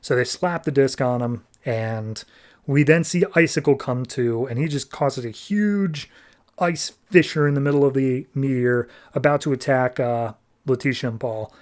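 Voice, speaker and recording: A man's voice: mid-range voice, darkish tone. A man hosting a podcast, casually recapping a comic book issue in a loose, chatty way, often saying "like" and paraphrasing the characters. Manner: loose, chatty retelling with frequent "like" and quick paraphrased quotes. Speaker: podcast host reviewing comics.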